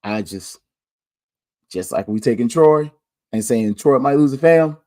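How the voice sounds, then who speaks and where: A man's voice: mid-range voice, lively intonation, measured pace, a little mellow. A man hosting a podcast, casually running through his game picks in a loose, slangy way and thinking aloud. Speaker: podcast host. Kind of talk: casual sports picks chat. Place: Orlando.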